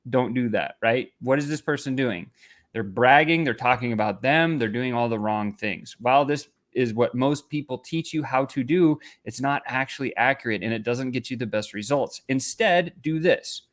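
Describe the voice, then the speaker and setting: A man coaching viewers on elevator pitches in an energetic talk to camera, swinging his pitch and loudness for emphasis and tagging points with "right?". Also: normal speed. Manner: punchy, repeats "right?" and "very simple". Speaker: business coach.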